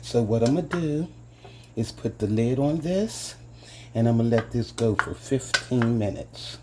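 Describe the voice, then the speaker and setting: A man's voice: mid-range voice, expressive, a little slow, darkish tone, slight background noise. A man hosting a casual cooking demonstration in a home kitchen, chatting to his viewers as "guys" and savoring each taste with little hums. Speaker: home cooking channel host.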